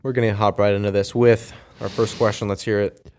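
A man's voice: fairly low pitch, level tone, a little fast, a little mellow, a little hiss or hum. A man co-hosting a podcast, joking around and moving the chat into its next segments. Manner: jokey, leads into segments. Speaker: podcast co-host. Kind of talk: casual podcast banter.

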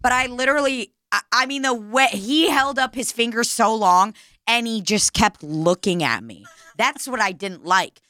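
A young woman telling a story in casual chat, animated and laughing, swearing freely. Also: a little high, moderate pace, dry recording, clean studio sound.

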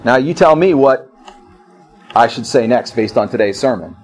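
A man's voice: medium pitch, expressive, normal speed, darkish tone, faint music behind, poor audio. A middle-aged male pastor preaching a sermon, repeating phrases and telling personal stories.

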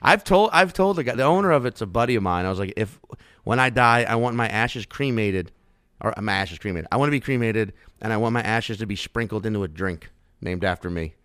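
A man's voice: lowish voice, expressive, fairly quick, a bit bright, smooth, dry recording, studio quality. Rambling, profane man from New Orleans. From New Orleans area, Louisiana. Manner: rambling, profane, laid-back. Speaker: comedian. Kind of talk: casual podcast chat.

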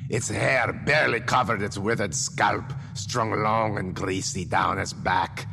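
A man's voice: fairly low pitch, fairly even intonation, unhurried, vocal fry, in a large hall, noisy background, voice pushed down. A man voicing a brooding old village blacksmith who tells a grim tale with emphatic bursts. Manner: grim, emphatic storytelling with sudden shouts.

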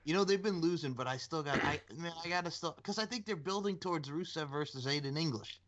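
A man's voice: a little high, fast, a bit bright, muffled recording. A man co-hosting a casual chat, easygoing, with hesitant restarts. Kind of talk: casual chat, wrestling predictions.

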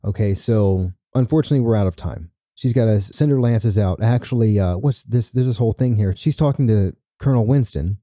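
A man's voice: lowish voice, a little fast, hardly any pauses, mellow, dry recording, clean studio sound. A man hosting a podcast, casually recapping a story and often checking in with "right?". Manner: chatty, tags lines with "right?". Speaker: podcast host.

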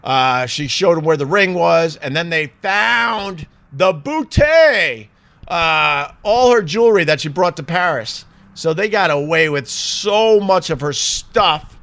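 Man, high-pitched, rambling chatty commentary. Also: animated, measured pace, a bit bright. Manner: rambling and chatty, many fillers. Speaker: vlogger. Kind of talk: casual commentary.

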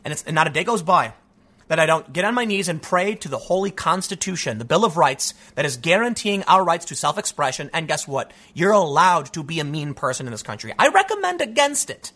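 A man's voice: on the high side, a little fast. A man hosting an online show, giving emphatic, opinionated solo commentary. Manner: emphatic, animated, acts out quoted voices.

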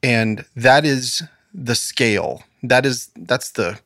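An earnest man co-hosts a faith podcast in a studio, speaking in a preacherly way. His voice sits at an ordinary pitch. The sound is close and dry. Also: animated, slow, gravelly, bright, forceful tone, dry recording. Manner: earnest, preacherly, quotes scripture. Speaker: podcast co-host. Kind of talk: casual faith discussion.

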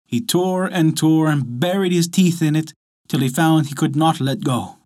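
A man narrating a folk tale as storyteller, lively and expressive. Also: a little high, normal speed. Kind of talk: scripted narration.

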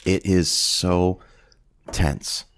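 A man with a very low voice recaps a crime movie scene on a casual podcast. He tells it with animated energy and slips into put-on voices whenever he quotes the characters. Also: extremely slow. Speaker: podcast co-host. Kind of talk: casual movie-review chat.

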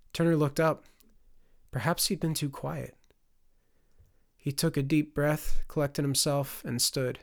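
A man reads a fantasy audiobook in a mid-pitched voice, keeping a measured, dramatic storytelling pace. He leans into the tension of the scene without rushing it. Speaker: audiobook narrator. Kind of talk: scripted narration.

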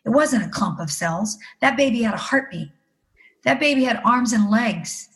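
A woman's voice: a little high, expressive, moderate pace, a bit bright, poor audio. A middle-aged woman telling a personal story as an interview guest, earnest and emotional. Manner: earnest, emotional, acting out the people she quotes.

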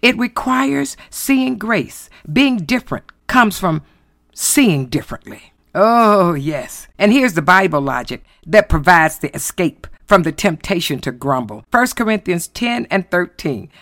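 Woman preaching, gravelly voice, pitch swoops up and down a lot, dry sound. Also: very animated, measured pace, a bit bright, no echo. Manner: emphatic, swooping preacher cadence with exclamations. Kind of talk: sermon.

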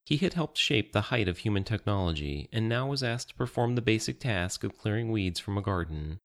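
Low-voiced guy reading an audiobook, steady and measured. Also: creaky. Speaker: narrator. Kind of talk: scripted audiobook narration.

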